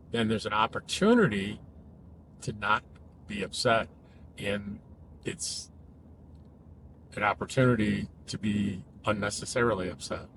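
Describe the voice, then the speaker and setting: A man with a fairly low voice talks casually, explaining ideas the way a therapist would. He speaks in a measured, thoughtful way and lifts his voice for emphasis. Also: noisy background. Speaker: cognitive behavioral therapist.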